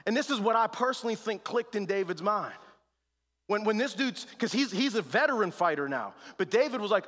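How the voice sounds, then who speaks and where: A male pastor preaching a sermon in plain slangy talk, swinging from hushed to shouted. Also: sits high, lively intonation, fairly quick. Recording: long hall reverb.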